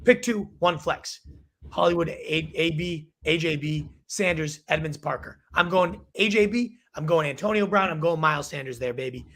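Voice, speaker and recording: Young male host, rapid-fire calls, bright husky voice with gravelly fry, going hoarse. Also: a little high. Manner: energetic, quick verdicts. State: losing his voice. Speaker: fantasy football show host. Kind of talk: rapid-fire live advice show.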